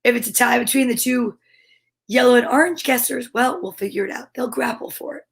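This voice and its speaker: A woman with a high, bright voice hosts a pretend children's show from home. She talks with bubbly, exaggerated kid-show enthusiasm, speaking to her viewers as if they were children. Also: a little fast, vocal fry, slightly rough. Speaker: livestream host. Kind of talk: playful mock children's show hosting.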